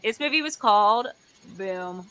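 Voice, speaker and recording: A woman co-hosting a casual chat over a video call, talking in an excitable, jokey and rambling way. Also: mid-range voice, a little slow. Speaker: co-host.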